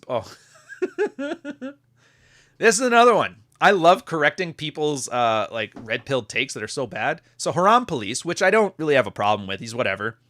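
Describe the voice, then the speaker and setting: A man's voice: mid-range voice, bright, forceful tone. A man from Canada giving casual, profane commentary on social media posts, sardonic and full of rambling asides.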